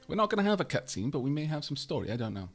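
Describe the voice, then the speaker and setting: Male live-stream gamer, casual and chatty, rambling asides, stumbles and fills pauses. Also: a little high, very animated, husky. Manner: stumbles over words and fills with "uh". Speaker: game streamer.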